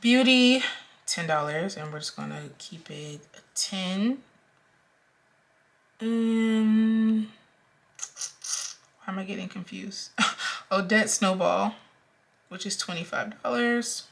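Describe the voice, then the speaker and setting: A woman's voice: mid-range voice, slow pace, creaky, long pauses. A young woman talking casually through her budget as a vlogger, counting out amounts aloud with frequent ums. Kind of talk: casual talk-through while cash stuffing.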